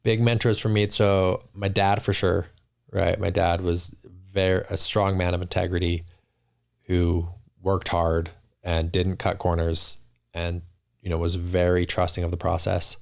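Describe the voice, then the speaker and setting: A man's voice: sits low, little pitch movement, unhurried, vocal fry. A man talking as a podcast guest in casual interview chat, earnest and reflective, often restarting his sentences. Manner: earnest, reflective, many restarts and "you know".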